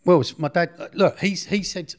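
A man's voice: high voice, moderate pace. Middle-aged male interviewee, blunt, rambling storyteller who keeps correcting himself. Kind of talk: casual storytelling.

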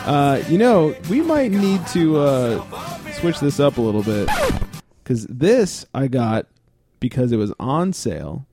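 A man hosting a casual beer podcast, relaxed and chatty, laughing often. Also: medium pitch, slow pace, soft background music. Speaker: podcast host. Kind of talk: casual chat.

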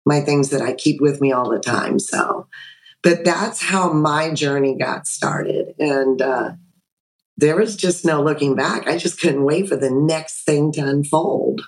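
A woman in her sixties, a podcast guest on a video call, telling a personal story in an animated way and acting out the dialogue. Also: low-pitched, unhurried, poor audio.

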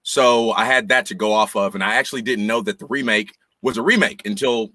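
A man's voice: on the low side, fairly quick, sharp tone, no echo. A man, a podcast guest, talking about a film hesitantly and repeating his words. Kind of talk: casual movie review chat.

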